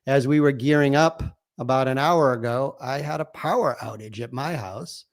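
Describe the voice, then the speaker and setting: A man co-hosting a casual show from a pool house studio, telling his story in an easygoing, relaxed way. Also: medium pitch, normal speed. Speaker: co-host. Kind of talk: casual chat.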